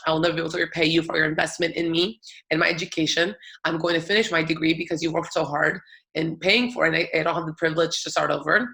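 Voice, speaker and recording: A woman's voice: low-pitched, creaky, a bit bright. A young adult woman giving a talk, telling her own story in an earnest, emphatic way. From United States. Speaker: public speaker.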